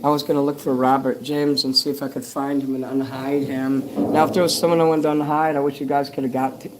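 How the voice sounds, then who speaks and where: Older man rambling flatly on a livestream. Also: mid-range voice, fast talker, noisy background. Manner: meandering, swears freely, reads and answers chat comments. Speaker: livestream host.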